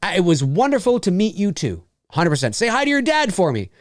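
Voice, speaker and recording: A man's voice: sits high, wildly swooping pitch, brisk, no echo, studio quality. A man from Canada hosting a casual live-stream Q&A, rambling, repeating phrases and reading out viewers' comments.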